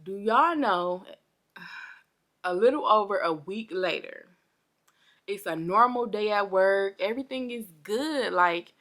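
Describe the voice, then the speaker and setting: A young woman telling a storytime vlog to her viewers, chatty and animated, a little parched and under the weather. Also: mid-range voice, unhurried, long pauses. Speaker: vlogger.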